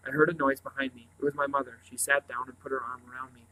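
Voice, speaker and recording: A man reads a novel aloud, quiet and earnest, with a slip here and there. His voice is bright and clear-toned, at an average pitch. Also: level tone, quick pace, rough recording. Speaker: reader.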